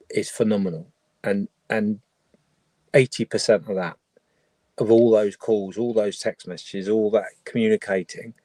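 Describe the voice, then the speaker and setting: A man's voice: on the low side, a little mellow, no echo. A man hosting a charity livestream, talking earnestly in a rambling way with many restarts. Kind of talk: casual livestream chat.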